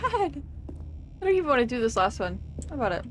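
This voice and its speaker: A woman's voice: high-pitched, very animated, normal speed, a little hiss or hum. A young woman streaming a game, chatting and reacting in a casual, sometimes swearing way. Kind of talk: casual gameplay commentary.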